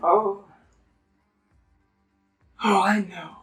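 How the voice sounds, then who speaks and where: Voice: mid-range voice, steady tone, very slow, recorded from a distance. GM voicing a Russian-accented ex-enemy warrior, mock-friendly and menacing, heard from off-mic over light music. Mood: smug. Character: scheming former enemy warrior, a man.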